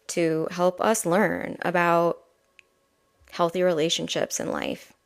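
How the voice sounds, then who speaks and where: A woman giving a live-streamed spiritual oracle reading, talking softly and chattily with many fillers and asides. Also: lowish voice, clean tone.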